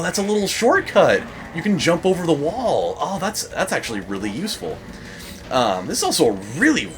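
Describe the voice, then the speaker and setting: A young man hosting a let's play, rambling through a story with frequent laughs and excited bursts at the game. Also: mid-range voice. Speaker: gaming channel host. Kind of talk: casual let's play commentary.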